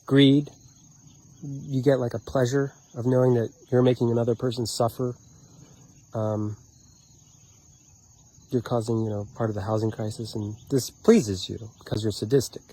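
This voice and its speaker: A man rambling through a personal story for his vlog, profane and full of fillers, acting out what people said and sometimes shouting. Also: mid-range voice, moderate pace, long pauses. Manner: animated, profane, many fillers and restarts; acts out quoted lines, sometimes shouting. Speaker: vlogger telling a personal story.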